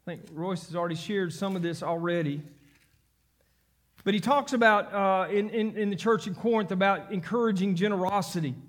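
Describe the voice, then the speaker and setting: A male pastor delivers a sermon. His voice sits high for a man and climbs into fervent, near-shouted emphasis as he reads scripture and exhorts the congregation.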